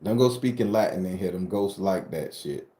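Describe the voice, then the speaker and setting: A man's voice: low-pitched, moderate pace, dark tone, echoey room. A middle-aged man from southern Florida hosting a spooky-story channel, chatting casually and joking with live viewers in a loose, profane way. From southern Florida, USA. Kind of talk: casual live-stream chat answering viewers.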